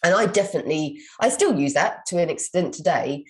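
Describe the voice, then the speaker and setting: A woman's voice: on the low side, animated, fairly quick, darkish tone. A British woman in her young adult years, a communication coach answering listener questions in a live Q&A, reading each question aloud and then giving long, encouraging advice.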